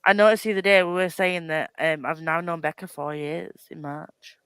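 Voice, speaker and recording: Woman, casual book chatter, tangents and restarts, smooth voice, dry mic. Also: low-pitched, steady tone, normal speed, a bit bright, dry recording. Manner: rambling, self-deprecating, frequent laughs and restarts. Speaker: book club co-host.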